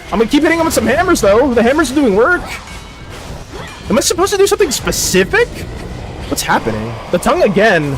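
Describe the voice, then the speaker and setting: High, lively, excitable game streamer. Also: quick pace, soft background music. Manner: excitable, swears and laughs often. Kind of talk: live gameplay commentary.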